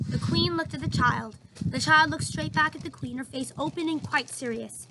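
Expressive woman teacher reading aloud. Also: high voice, moderate pace, very noisy. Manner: expressive, chatty asides to listeners. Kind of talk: read-aloud storytelling for students.

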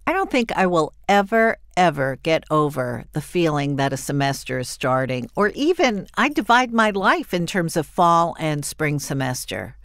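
Older woman, podcast host, chatty and effusive, lowish voice, dry close mic. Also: moderate pace, hardly any pauses, no echo. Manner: chatty, animated and warmly effusive. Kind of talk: solo podcast monologue.

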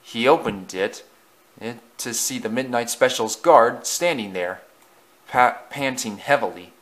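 A man's voice: mid-range voice, a little slow, fairly bright tone. A man narrating a storybook as an amateur reader, with frequent slips and self-corrections.

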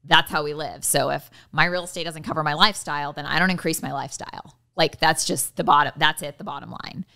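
A woman's voice: deep voice, fairly even intonation, fast, creaky, hardly any pauses, pushed and bright. A woman co-hosting a podcast, talking in an earnest, matter-of-fact way. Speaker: podcast co-host. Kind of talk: casual chat.

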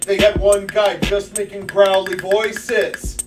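A man with a high voice gives blunt, opinionated takes in a loose stream chat, now and then mimicking voices. He sits well back from the microphone. Hip hop music plays clearly behind him. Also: flat delivery, slow pace, far from the mic. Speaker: co-host.

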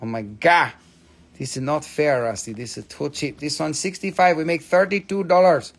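Excitable, higher-pitched man selling crystals. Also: normal speed. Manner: excitable, swearing, playful, non-native phrasing. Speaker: live sale host. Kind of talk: live-stream crystal sale.

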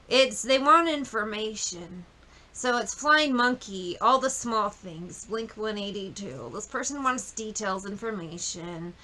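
A woman talking through a tarot reading in a casual, blunt way, swearing freely and mocking. Her voice sits a little high and has a bright, sharp edge. A faint hiss stays under her speech. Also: low-quality recording. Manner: blunt, profane, mocking, breaks into snatches of song. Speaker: tarot reader.

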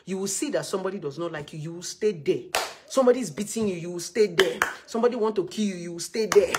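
A woman's voice: lowish voice, quick pace, background noise. A woman with a Nigerian accent giving blunt, scolding relationship advice in a live video session.

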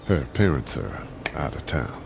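A guarded grown man in a video game, with a very deep voice that still rises and falls widely. He keeps his talk low-key and careful. Crickets are heard clearly behind the game audio. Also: very animated, measured pace, slight background noise, exaggerated voice. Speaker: stranger with an injured leg. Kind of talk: game voice acting.

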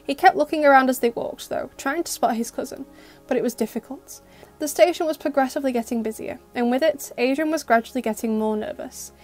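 A woman narrating an audio story with a steady, expressive delivery. Her voice sits fairly high, and soft music plays faintly beneath it. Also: a little fast.

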